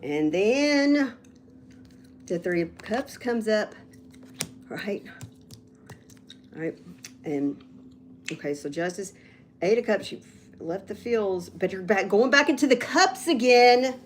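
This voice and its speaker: A woman reading tarot cards on a casual livestream, rambling and getting loud when she's excited. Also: medium pitch, takes it slowly, long pauses, slight background noise. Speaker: tarot reader.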